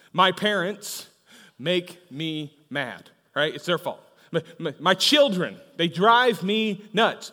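Chatty pastor preaching in a reverberant hall. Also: male voice, a little high, a bit bright. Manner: conversational, frequent "right?" asides; tells humorous stories. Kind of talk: sermon. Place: church auditorium. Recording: long reverb of a large hall.

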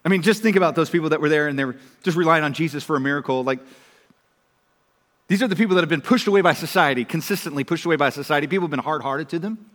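Conversational pastor preaching in a reverberant hall. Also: male voice, a little high, very fast. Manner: conversational, swings from loud to hushed. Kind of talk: sermon.

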